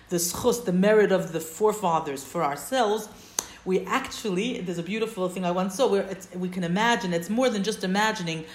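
A woman leads a text-study class at a middle pitch, walking through each point and checking in with her listeners. Her voice carries a noticeable roomy echo. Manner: explains step by step, checks in with "right?". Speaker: Torah teacher.

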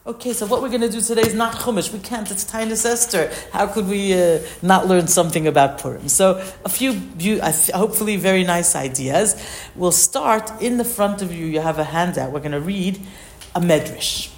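A woman's voice: medium pitch, a little fast. Woman teacher in an echoey classroom. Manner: reads phrases aloud then explains them plainly. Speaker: Torah teacher. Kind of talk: classroom text study lesson.

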